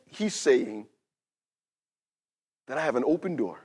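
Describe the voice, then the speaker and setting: A pastor in his fifties delivering a sermon in a slightly raised, conversational voice. He drops to near whispers, then climbs to loud, fervent emphasis, and often restarts his sentences as he speaks. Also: a little high, big pitch swings, a little slow, long pauses, slightly rough. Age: 50s. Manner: conversational preaching, swinging from hushed to loud and emphatic.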